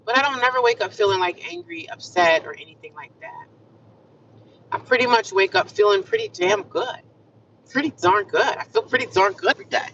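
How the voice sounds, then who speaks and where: A woman's voice: mid-range voice, fairly quick, fairly bright tone, a little hiss or hum. Upbeat woman livestreaming from a car, chatty and affirming, caught a bit far off on a muffled phone mic. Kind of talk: casual livestream chat. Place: inside a car. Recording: distant, muffled phone audio.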